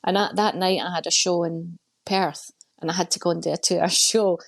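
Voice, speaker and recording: A middle-aged woman with a Scottish accent and a somewhat low voice. She talks frankly in an interview, mixing dry humor into her stories. She slips into animated voices whenever she quotes other people. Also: brisk, vocal fry. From Scotland. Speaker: comedian guest. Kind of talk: candid interview storytelling.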